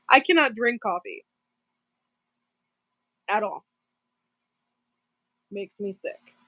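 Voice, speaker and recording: A woman's voice: mid-range voice, animated, extremely slow, bright, forceful tone, no room sound. A woman hosting a casual live stream from her farm channel, rambling, laughing often and answering viewers in the chat. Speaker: farm channel livestream host.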